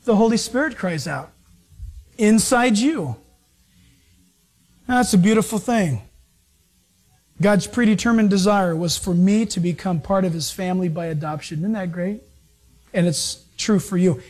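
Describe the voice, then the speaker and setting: A man preaching a sermon as pastor, moving between loud, acted-out lines and hushed, serious passages. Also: very high-pitched, animated, moderate pace.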